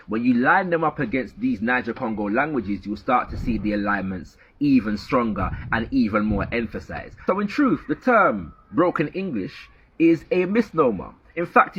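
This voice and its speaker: A man with a Jamaican accent explaining language in a measured, emphatic lecture style, often checking in with "yeah". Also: mid-range voice, a bit bright, husky. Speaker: commentator on language. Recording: dull lo-fi played clip.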